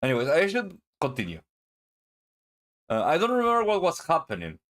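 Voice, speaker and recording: Rambling animated male streamer. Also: medium pitch, a little fast. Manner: rambling, filler-heavy, swears casually. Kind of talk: casual let's-play commentary. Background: faint game music.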